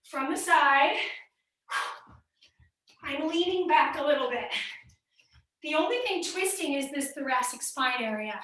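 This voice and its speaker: A fitness instructor leads a live online class, upbeat as she counts reps and coaches form. Her voice is high-pitched, a bit bright and lively in intonation, and she speaks a little slowly with long pauses. The room is echoey and the mic sits at a distance.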